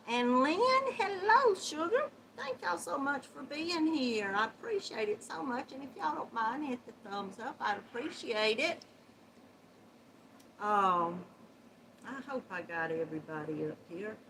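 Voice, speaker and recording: Slow-paced and sitting high, with big pitch swings, the voice belongs to a middle-aged woman hosting a casual livestream, a bit of hiss or hum underneath. Her nose is runny as she laughs often and showers viewers with sweet Southern endearments.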